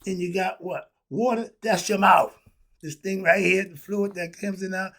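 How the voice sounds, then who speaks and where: A man's voice: sits high, fairly even intonation, moderate pace, vocal fry, a bit bright. A man teaching philosophy in an informal, preachy way, full of rhetorical questions and asides.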